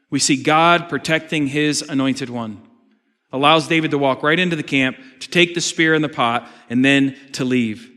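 A man's voice: mid-range voice, a bit bright. A man preaching a sermon, reading scripture aloud and retelling the story with dramatic emphasis. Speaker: pastor. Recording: long reverb of a large hall.

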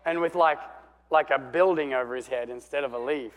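A man preaching a sermon, telling the story with animation and swinging between loud and hushed while calling out for amens. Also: medium pitch, brisk. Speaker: pastor.

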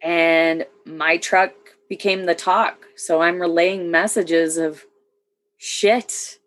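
Woman veteran, low voice, matter-of-fact storytelling, casual chat. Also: steady tone, takes it slowly, a bit bright. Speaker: military veteran. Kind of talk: casual conversation.

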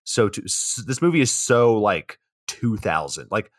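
A man's voice: on the low side, sing-song, measured pace, no room sound, studio quality. A young man co-hosting a casual comedy podcast, sardonic and profane, with mock exasperation as he recaps a movie. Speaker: podcast co-host.

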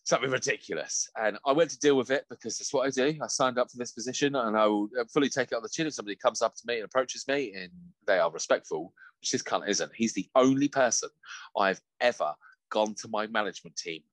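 A man's voice: medium pitch, fast talker, no room sound. A man, telling stories in casual chat, swearing a lot and laughing as he goes. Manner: sweary, animated storytelling with laughs. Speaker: podcast co-host.

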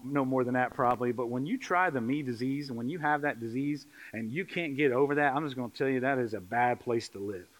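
A man preaching a sermon in church, joking with the congregation and building to loud, rising calls. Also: medium pitch. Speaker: pastor. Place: church sanctuary.

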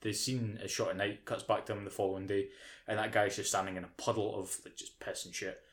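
A man's voice: on the low side, level tone, fast, fairly bright tone. A British man co-hosting a podcast, ranting casually with lots of swearing and mocking impressions. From United Kingdom. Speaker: podcast co-host. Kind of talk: casual chat.

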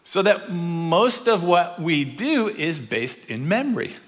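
A man delivers a sermon in a high, lively voice that swings widely in pitch. He hammers points home with repetition and rhetorical questions. His bright tone rings through a church hall with a long tail of reverb. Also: slow. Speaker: guest preacher.

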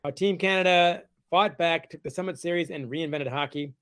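A middle-aged male author being interviewed, spinning stories with a wry, animated delivery. His voice is a touch high and the recording is dry and close. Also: moderate pace, no room sound. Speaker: guest author. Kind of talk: casual interview chat.

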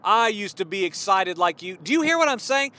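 A man in his forties preaching a fervent, worked-up sermon, at times yelling. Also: high-pitched, big pitch swings, a little fast. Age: 40s. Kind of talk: impassioned sermon.

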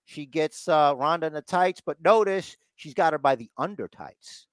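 On a recording without room sound, a male podcast co-host with a slightly high voice goes over a wrestling show at normal speed. The talk is casual, and he imitates the wrestlers' lines in put-on voices.

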